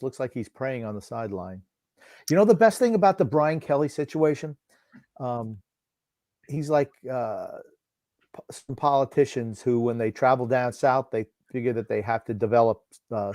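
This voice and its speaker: A man's voice: mid-range voice, normal speed, a little mellow, no echo. Wry, sarcastic male sports co-host. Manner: dry, wry, sarcastic jokes. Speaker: co-host of a sports watchalong stream. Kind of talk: casual sports commentary chat.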